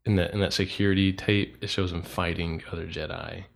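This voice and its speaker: A man co-hosting a casual chat, telling stories with animated quoted asides. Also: sits low, brisk, vocal fry. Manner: animated storytelling, acts out quotes. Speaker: podcast co-host.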